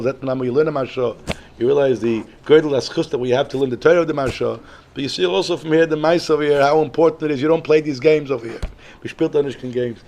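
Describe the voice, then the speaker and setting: A man, a rabbi telling a story in a Torah lesson, animated, often repeating and restarting phrases. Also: mid-range voice. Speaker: rabbi teaching daily Talmud.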